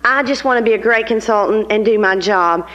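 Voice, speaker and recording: A woman's voice: medium pitch, fairly quick, a bit bright, in a large hall, dull audio. A woman sales consultant sharing how she runs her class, chatty and earnest as she speaks directly to her listeners. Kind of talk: sharing a practice with a group.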